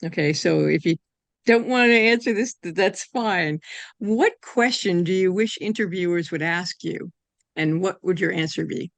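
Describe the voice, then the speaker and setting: A woman's voice: fairly low pitch, moderate pace, gravelly, dry recording. A woman interviewing an author, reading prepared questions in a friendly way.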